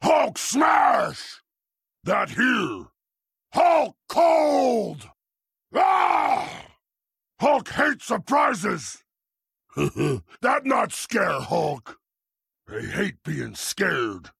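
A huge green brute full of rage for a video game, barking blunt broken third-person lines. The voice is deeply gravelly and raspy, dragging slowly through each word. It is recorded close and dry. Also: male voice, huge pitch swings, fairly bright tone, dry recording, exaggerated voice. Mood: angry roaring. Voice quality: gravelly roaring voice.

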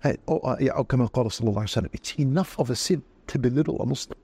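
A man's voice: medium pitch, rapid-fire, dark tone, breathy edge, dry recording. A man, a religious scholar, answering interview questions in an earnest, preaching way and quoting scripture.

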